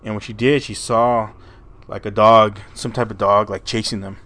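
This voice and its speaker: A man's voice: on the low side, little pitch movement, moderate pace, fairly bright tone. A man hosting a podcast, telling a story in a rambling, casual way, stumbling over and repeating his words and swearing freely. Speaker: podcast host.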